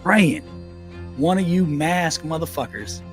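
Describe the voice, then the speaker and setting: A man's voice: fairly high pitch, slow, faint music behind. A man co-hosting a comedic veterans podcast, ranting bluntly with a lot of swearing. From United States. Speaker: podcast co-host. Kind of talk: profane comedic rant.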